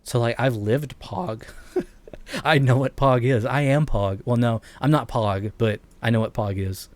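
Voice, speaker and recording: A man's voice: mid-range voice, unhurried, no room sound. A man in his late twenties chatting casually on a live stream while gaming, rambling and chuckling often, talking into a streaming mic in his bedroom. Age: late 20s. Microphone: streaming mic with noise gate.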